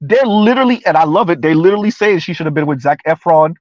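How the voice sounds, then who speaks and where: With a fast, expressive, slightly high voice, a man under forty does casual live-stream commentary, ranting, laughing often, and repeating points emphatically. No echo is present, and the lo-fi sound is dry and a touch dull.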